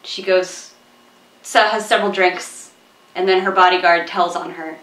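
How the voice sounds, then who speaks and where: A woman co-hosting a film review chat, sarcastic and animated, mocking the characters with quoted voices. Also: on the low side, measured pace. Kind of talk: casual chat. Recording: echoey room, voice a bit far from mic.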